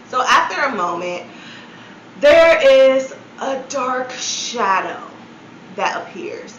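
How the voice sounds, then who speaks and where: A woman's voice: medium pitch, a bit bright, slight background noise. A woman vlogger retelling a story in a casual, chatty way, full of "like" fillers and incredulous asides. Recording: roomy, slightly dull sound.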